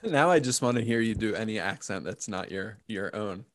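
Low-voiced playful male interviewer. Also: lively intonation, normal speed, a bit bright, dry recording. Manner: playful, teasing, laughs often. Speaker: podcast interviewer. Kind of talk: casual interview chat.

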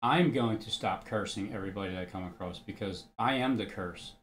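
A man's voice: on the low side, a little fast, slight background noise. A man giving casual religious commentary, blunt and argumentative, who swears freely and reads scripture aloud.

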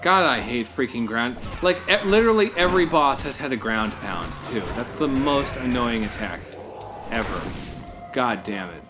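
A man co-hosting a let's-play video, excitable and profane, often exclaiming as he plays. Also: medium pitch, normal speed, over music. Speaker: co-host gamer. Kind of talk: casual let's-play banter.

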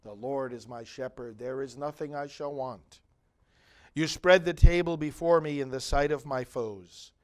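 A middle-aged male priest reading scripture and preaching a homily in slow, measured, solemn phrases. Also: medium pitch.

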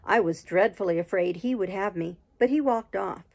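A woman reading a classic novel aloud in slow, measured storybook narration. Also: mid-range voice, vocal fry, a little mellow. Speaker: audiobook reader.

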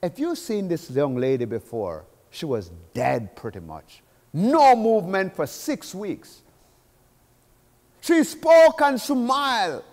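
A man preaching a sermon with urgency, swinging between soft asides and loud declaiming, in a church sanctuary. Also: high voice, very animated, takes it slowly, big-room sound.

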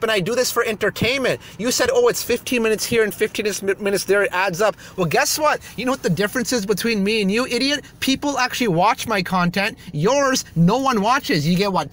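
A man's voice: high-pitched, a bit bright. A man on his YouTube channel, ranting heatedly and hurling insults from a parked car. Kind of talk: angry rant video.

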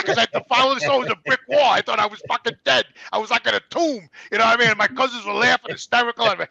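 A man telling animated, profane stories as a guest in casual conversation. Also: very high-pitched, very fast, vocal fry, hardly any pauses, lo-fi sound. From New York. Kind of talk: casual storytelling.

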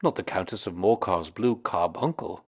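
A man's voice: sits low, animated, normal speed, slightly rough. A man playing a mild, doubting Victorian companion. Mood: curious.

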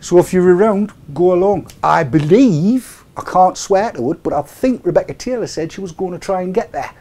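A man's voice: high voice, expressive, normal speed, dark tone. A middle-aged man hosting a casual live webcast, joking and rambling with chuckling asides. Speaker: show host.

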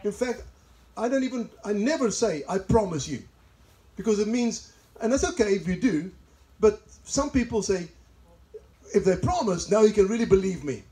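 High-voiced South African pastor, mellow tone. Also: male voice, animated, normal speed, poor audio. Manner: chatty, laughs at own asides. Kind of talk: sermon with personal stories. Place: church service in a greenhouse.

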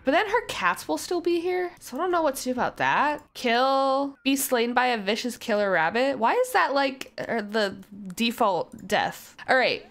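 A young woman giving casual, chatty commentary over her life-simulation gameplay, self-mocking and loudly surprised at twists. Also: sits high, sing-song, normal speed. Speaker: gaming YouTuber.

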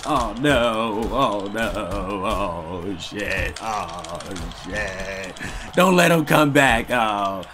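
A young man giving loud, slangy live commentary while playing a fighting game, trash-talking his opponent and swearing often. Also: fairly low pitch, takes it slowly, slight background noise. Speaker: gaming streamer.

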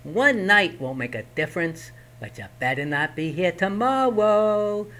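A man voicing a small, boastful male goblin who squeaks in a high voice and drags out his words. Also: lively intonation, unhurried, a bit bright. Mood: frightened warning.

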